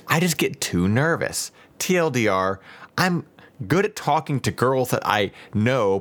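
A woman's voice: very deep voice, a bit bright. A woman hosting a podcast, chatting casually and reading a listener's letter aloud, swearing and laughing often. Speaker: podcast host.

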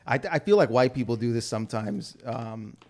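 A stand-up comedian chatting casually, telling funny stories and acting out the people in them. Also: male voice, mid-range voice, moderate pace. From Lebanese family background. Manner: animated storyteller, acts out quoted voices. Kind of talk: casual storytelling chat.

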